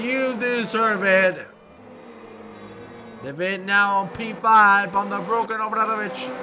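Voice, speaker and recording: A high-pitched man calls a sim race in a slow, drawn-out voice, full of excited exclamations and open emotion. Car engines roar clearly under his voice the whole time. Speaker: race commentator. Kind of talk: sim racing commentary. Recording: noisy with engine sounds behind. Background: racing car engines.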